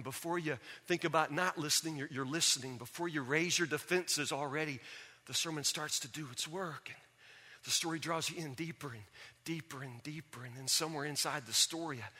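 A man's voice: medium pitch, pushed and bright, husky. A man preaching a sermon with emphatic, repeated phrases that build in intensity.

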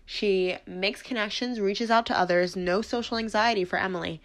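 A woman's voice: medium pitch, normal speed. Chatty twenty-something woman podcaster. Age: 20s. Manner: chatty, bubbly, lots of ums and asides. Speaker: podcast host. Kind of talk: casual solo podcast chat.

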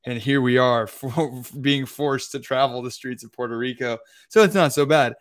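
A man's voice: medium pitch, normal speed. A young man co-hosting a podcast, telling a travel story in a loose, rambling way with lots of filler words. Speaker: podcast co-host. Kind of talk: casual storytelling.

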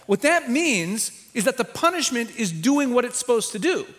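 A man with a high-pitched voice preaches a sermon as a visiting rabbi. He teaches with animated emphasis and acts out the voices he quotes. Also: normal speed.

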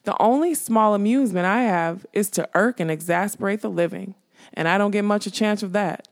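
A woman reading an audiobook, voicing a mocking dead male skull that guards a castle, in a slow teasing drawl. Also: medium pitch, natural voice.

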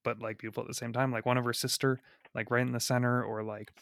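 A man's voice: mid-range voice, flat delivery, fast, vocal fry, fairly bright tone, no echo, studio quality. A man talking through a film in a casual, rambling way, full of fillers and restarts.

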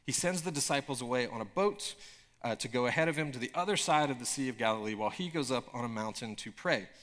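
A man preaching a sermon in a casual, conversational way, with frequent filler words and emphatic bursts of excitement. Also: medium pitch, fast. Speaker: pastor.

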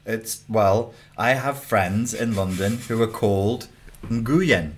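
A man chatting as a guest, telling an anecdote in a playful, animated way. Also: on the low side, a little slow. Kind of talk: casual chat.

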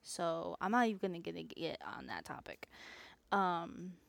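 A woman's voice: on the low side, very animated, a little slow, vocal fry, no echo. A woman hosting her own podcast, talking unscripted and rambling with asides and restarts. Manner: rambling, self-aware, chatty with frequent asides. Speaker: podcast host. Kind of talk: unscripted solo podcast chat.

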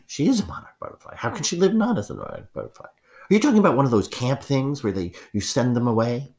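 A man's voice: mid-range voice, huge pitch swings, fast, darkish tone, pitched above the performer's own voice. A man voicing a fussy, theatrical royal mother who exclaims breathlessly. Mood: indignant. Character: fussy royal mother, woman, middle-aged, dramatic.

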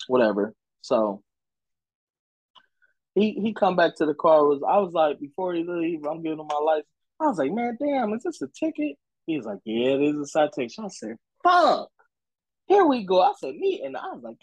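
Animated, swearing man telling a story. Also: vocal fry, breathy edge, no room sound, rough recording. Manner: animated, profane, acts out quotes in a higher voice. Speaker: podcast co-host. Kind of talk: casual storytelling chat.

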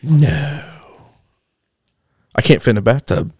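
A man's voice: mid-range voice, takes it slowly, slightly rough. A man co-hosting a casual podcast, joking at his own expense and swearing freely. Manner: animated, self-mocking, profane. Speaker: podcast co-host. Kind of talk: casual profane banter.

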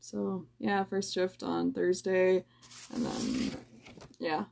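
A tired young woman hosting a personal podcast, venting in a slow, halting way with sighs and stammers, her voice low and close to tears. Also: wildly swooping pitch, background noise. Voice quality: low, gravelly voice. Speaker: podcast host.

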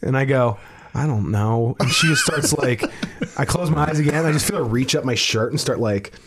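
A man's voice: mid-range voice, a little fast, a bit bright, a little hiss or hum. A man in casual talk, telling a long story with stammered restarts, frequent swearing and chuckles between phrases. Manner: rambling, profane, stammering restarts, laughs mid-sentence. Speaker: comedian telling a story on a podcast.

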